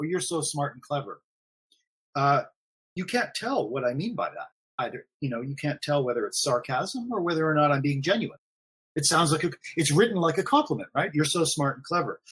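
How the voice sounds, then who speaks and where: Man, husky voice, slightly high, casual stream talk, rambling, lots of fillers. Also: very animated, a little fast, a bit bright. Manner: rambling, repeats himself, frequent fillers. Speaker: forum admin guest. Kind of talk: casual live-stream conversation.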